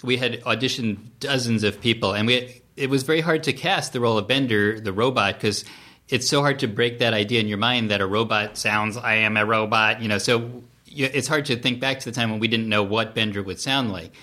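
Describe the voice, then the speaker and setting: A man guesting on a podcast interview, telling behind-the-scenes stories in an animated way, with laughing asides and frequent restarts. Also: mid-range voice, fairly quick. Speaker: TV writer-producer guest. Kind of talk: casual interview storytelling.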